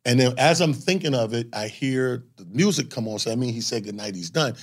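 A man's voice: medium pitch, animated, brisk. A middle-aged man, a stand-up comedian, tells a story with lots of swearing and laughter and acts out what people said. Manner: profane, laughing, acts out dialogue. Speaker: comedian guest. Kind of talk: animated storytelling with acted-out quotes.

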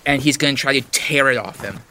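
A man's voice: mid-range voice, fast talker, sharp tone, slight background noise. A man playing in a tabletop game, bantering playfully. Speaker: player. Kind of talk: tabletop role-play banter.

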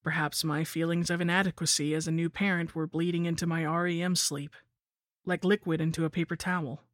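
A man's voice: on the high side, little pitch movement, a little fast, a bit bright, no room sound, studio quality. A man reading a first-person horror story aloud with a wry, storytelling manner. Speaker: narrator. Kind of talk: scripted horror story narration.

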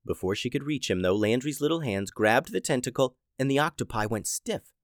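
A man narrating a children's adventure story in an animated, dramatic way. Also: medium pitch, a little fast, no echo, studio quality.

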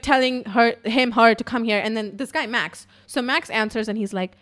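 A young adult woman hosts a podcast, telling a story in a chatty, casual monologue packed with swearing and constant "like." Her voice is fairly high and a bit bright, moving at a moderate pace with few pauses.

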